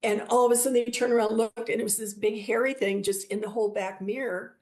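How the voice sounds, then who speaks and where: A woman guest telling stories in an interview, animated and acting out the voices of the people she quotes. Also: on the high side, fast talker. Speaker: guest, shop owner. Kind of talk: storytelling interview.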